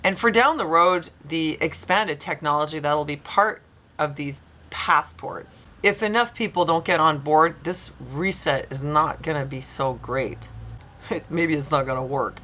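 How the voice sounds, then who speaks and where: A woman's voice: sits low, a little slow, bright, forceful tone. A woman vlogger giving casual commentary as she reads news aloud, with skeptical, sarcastic asides and quotes read in mocking voices.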